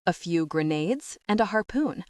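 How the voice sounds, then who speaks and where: A woman narrating a first-person romance audiobook in an expressive voice. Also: lowish voice, normal speed, no room sound, studio quality, recorded from a distance.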